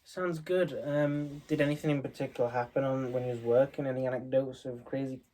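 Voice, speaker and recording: A man's voice: mid-range voice, fairly even intonation, a little fast, warm tone. A man in casual chat who asks questions and gives brief replies.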